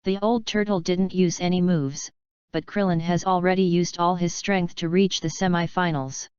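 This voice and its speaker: Woman narrator, lowish voice, very smooth and clear, dry close sound, slightly dull lo-fi tone. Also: steady tone, moderate pace, darkish tone, no echo. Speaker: audiobook narrator. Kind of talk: reading a fanfiction audiobook.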